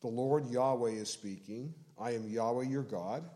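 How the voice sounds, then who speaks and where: A man preaching an expository sermon, explaining scripture in a measured way and slowing down to stress key phrases. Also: medium pitch, warm tone. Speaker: pastor.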